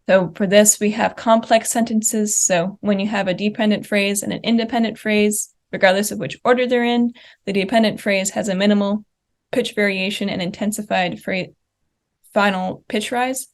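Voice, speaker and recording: Young woman, mid-pitched, presenting research at a conference, explanatory, plain delivery with some uh and um. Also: steady tone, normal speed. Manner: explanatory, walks through slide examples; uses fillers like uh and um.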